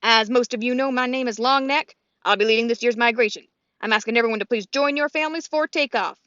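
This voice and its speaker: A woman's voice: on the high side, fast talker, sharp tone, no echo, dull audio. A woman voicing a big male goose who leads the flock, speaking in an orderly, announcing way. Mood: commanding.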